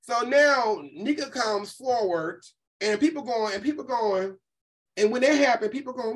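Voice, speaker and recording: Female host, casual profane commentary, animated, does quick impressions. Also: fairly high pitch, rough recording. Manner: animated, profane, quotes people in voices.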